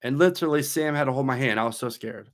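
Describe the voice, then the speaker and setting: A man's voice: medium pitch, fast talker. A man in his thirties, a theme park YouTuber, casually reading out viewer questions on a live stream and answering them in a chatty, rambling way. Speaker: coaster YouTuber host.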